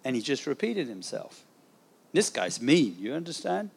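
A man, an evangelist, telling a testimony story in a sermon, animated and acting out the dialogue. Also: medium pitch, moderate pace, vocal fry, breathy edge.

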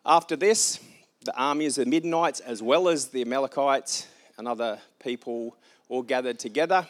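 A man's voice: medium pitch, moderate pace. A man preaching informally, retelling a scripture story with casual asides and light humor.

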